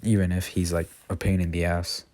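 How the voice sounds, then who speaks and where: A man's voice: low-pitched, level tone, fairly quick, a little mellow, dry recording, natural voice. A man voicing a young female warrior who sounds weary of her drunk teammate.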